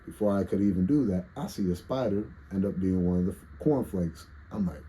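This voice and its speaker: A man's voice: sits low, brisk, hardly any pauses, mellow, a little hiss or hum, low-quality recording. A congested man with a nasal voice, telling a rambling, profane story in a casual monologue. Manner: rambling, profane, self-interrupting. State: congested with allergies. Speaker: vlogger telling stories.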